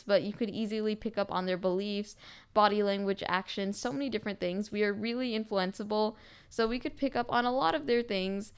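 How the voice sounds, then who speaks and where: A teenage girl hosting her own podcast, ranting to her viewers in a casual, animated way and filling her talk with "like". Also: medium pitch, smooth. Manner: animated, heavy use of "like" fillers. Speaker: podcast host.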